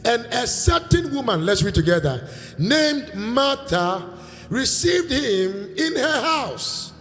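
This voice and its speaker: Nigerian preacher with a very high voice. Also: male voice, sing-song, slow. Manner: call-and-response preaching, bursts into shouting. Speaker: pastor. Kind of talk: sermon. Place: church hall. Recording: reverberant church hall, faint music.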